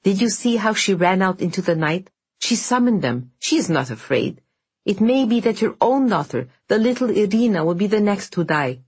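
A woman reading the part of an anguished male priest who pleads and presses urgently, in a husky voice. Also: medium pitch, expressive, moderate pace, a little mellow, pitched above the performer's own voice.

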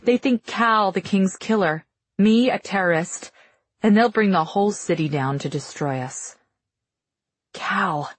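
Woman audiobook narrator, first person, urgent delivery, husky voice, dry booth sound. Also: medium pitch, measured pace, no room sound.

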